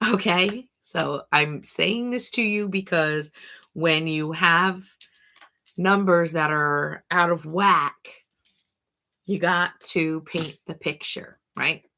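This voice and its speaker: A woman's voice: on the low side, slow pace, bright, forceful tone, a little hiss or hum. A middle-aged woman hosting a casual talk to camera, chatty and thinking aloud, talking to herself by name. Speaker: host.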